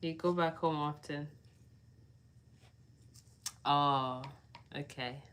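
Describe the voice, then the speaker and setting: Slow-talking, low-voiced woman livestreaming. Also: fairly even intonation, a bit bright, slight background noise. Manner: chatty, answers viewer comments, laughs often. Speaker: livestream host. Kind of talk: casual livestream chat with viewers.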